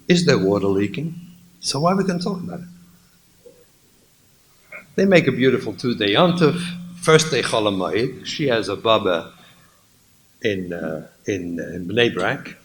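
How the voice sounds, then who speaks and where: A man, a rabbi, telling a humorous story in a lecture, in a lively way, mixing in Yiddish and Hebrew words. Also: mid-range voice, a little hiss or hum, rough recording.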